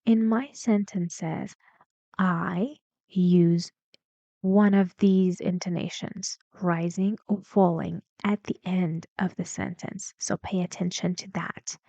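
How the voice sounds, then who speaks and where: A woman teaching English pronunciation, speaking slowly and deliberately and acting out sample sentences with exaggerated rising and falling pitch. Her first language is Persian. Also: gravelly, warm tone, no room sound, muffled recording. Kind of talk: slow, deliberate English lesson.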